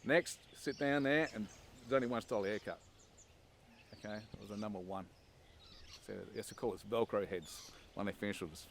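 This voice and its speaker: A man's voice: fairly low pitch, steady tone, fairly quick, a little hiss or hum. A man, recalling his army training in a casual, wry documentary interview, with frequent "um"s and "and"s. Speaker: former army recruit, interviewee. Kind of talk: documentary interview, anecdotal recollection.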